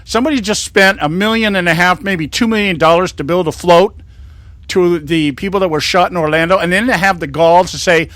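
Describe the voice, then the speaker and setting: Older indignant talk show host. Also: male voice, high-pitched, brisk, fairly bright tone, dry recording. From California. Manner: rambling, indignant, with many restarts. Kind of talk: conservative talk show monologue.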